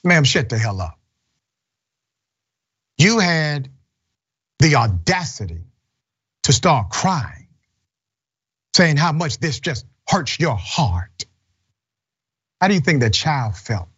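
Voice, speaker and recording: A man's voice: on the high side, big pitch swings, slow, long pauses, a bit bright, husky, lo-fi sound. A man hosting a news commentary show, blunt and indignant as he reacts to clips. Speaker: host.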